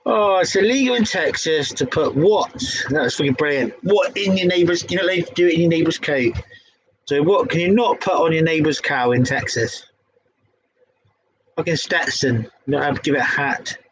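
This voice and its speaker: A man's voice: on the high side, normal speed, slightly rough, poor audio. A young man with a Devon accent hosting a casual pub quiz, laughing and swearing as he stumbles over the questions. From England. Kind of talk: casual quiz-reading chat.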